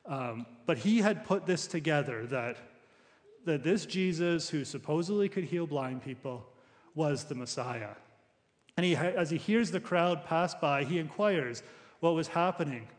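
Male pastor, fairly high voice, preaching in a casual, restarting style in a reverberant church hall. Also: expressive, unhurried. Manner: conversational preaching with frequent restarts. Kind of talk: sermon.

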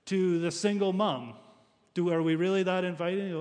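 Male pastor, fairly high voice, preaching in a casual, restarting style in a reverberant church hall. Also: steady tone, moderate pace, a little mellow. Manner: conversational preaching with frequent restarts. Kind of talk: sermon.

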